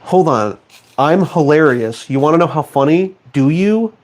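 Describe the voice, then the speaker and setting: A man's voice: a little high, lively intonation, unhurried. A man streaming from his home studio, bantering with chat in a sarcastic, mock-outraged and self-mocking way. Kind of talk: casual live-stream chat.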